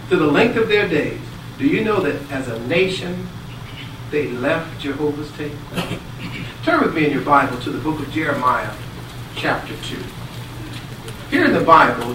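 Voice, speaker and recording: A man preaching a sermon, voice on the higher side, recorded from a distance in an echoey hall with steady background noise. He tells stories with acted-out quotes, swinging between loud bursts and hushed asides. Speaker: speaker giving a Bible talk. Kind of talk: sermon with storytelling. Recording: echoey hall, speaker away from mic, audible noise.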